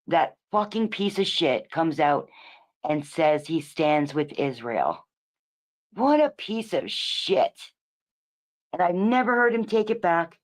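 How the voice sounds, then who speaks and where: This livestream host has a deep, animated voice and talks a little slowly. Her casual rant is profane and rambling, full of restarted words, with emphatic lines giving way to muttered asides.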